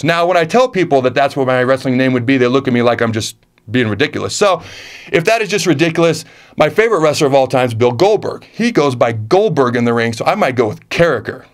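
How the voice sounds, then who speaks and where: A man in his thirties, a former football player, reading fan questions and answering them in a casual, emphatic way that repeats phrases for punch. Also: medium pitch.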